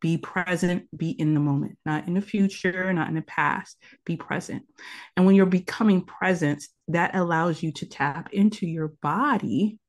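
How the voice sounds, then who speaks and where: A woman's voice: low voice, darkish tone. A woman teaching tantra as a guest in a conversational interview, earnest and instructive, laying out her advice as numbered tips.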